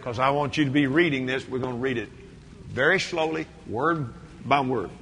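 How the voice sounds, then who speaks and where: A man preaching a sermon to a congregation. He acts out dialogues, stretches key words and builds toward shouting. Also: medium pitch, normal speed, slight background noise. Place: church before a responding congregation.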